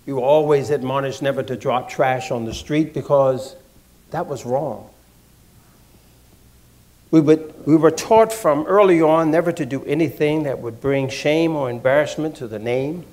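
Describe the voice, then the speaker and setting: A man from Washington, D.C., telling an audience his own story in a deliberate, measured way, repeating phrases for emphasis. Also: a little high, a little mellow. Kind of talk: measured personal talk to an audience.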